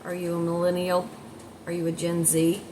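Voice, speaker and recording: A woman's voice: fairly low pitch, monotone, moderate pace, dark tone, a little hiss or hum, low-quality recording. A woman in her sixties chatting casually to her viewers at home in a rambling, direct way. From United States. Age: 60s. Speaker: vlogger and life coach. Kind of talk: casual morning chat to camera.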